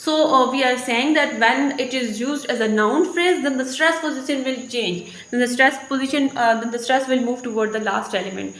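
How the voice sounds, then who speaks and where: A woman's voice: high voice, moderate pace, few pauses, a bit bright. A woman teacher with an Indian English accent explaining a lesson step by step, repeating her examples. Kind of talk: recorded lecture. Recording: echoey room.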